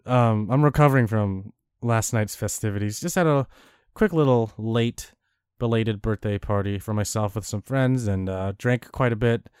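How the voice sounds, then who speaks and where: A young man co-hosting a podcast in casual chat, his voice raspy and a little deeper after a late night. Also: normal speed, darkish tone, no echo, clean studio sound. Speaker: podcast co-host.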